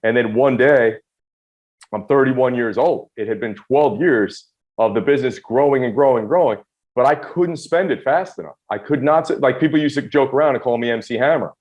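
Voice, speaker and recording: A man in his forties telling his own story in an interview, quick, emphatic and self-deprecating. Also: mid-range voice, a little mellow, highs cut off. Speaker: guest.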